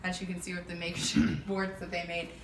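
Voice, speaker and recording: A young woman giving a casual walkthrough of her home renovation, chatty and filling pauses with lots of ums. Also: fairly low pitch, monotone, a little hiss or hum. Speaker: homeowner giving a renovation tour. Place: empty house under renovation, indoors. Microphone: camera mic held by another person. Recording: echoey bare room, voice off-mic.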